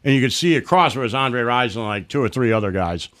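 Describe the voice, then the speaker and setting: Profane, animated male storyteller. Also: mid-range voice, fast. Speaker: podcast host. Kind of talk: casual storytelling chat.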